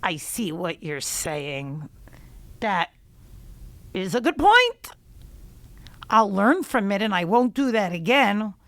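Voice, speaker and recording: A woman's voice: medium pitch, sing-song, takes it slowly, pauses often, a bit bright, dry recording, heavily acted. A woman voicing an earnest, self-assured male village mayor in a children's story, explaining himself. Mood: contrite.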